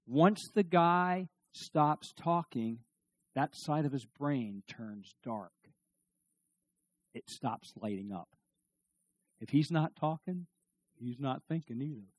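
A middle-aged man giving a humorous talk on marriage to a live audience, animated and joking, often restarting his sentences. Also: medium pitch, takes it slowly, long pauses, no echo. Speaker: speaker on marriage.

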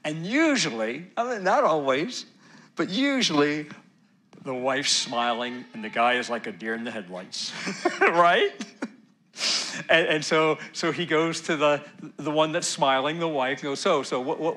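Middle-aged man, pastor, bright tone, sermon delivery rising to loud emphasis then dropping to a hush. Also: fairly high pitch, normal speed. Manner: animated preaching, swings from loud emphasis to near-whisper.

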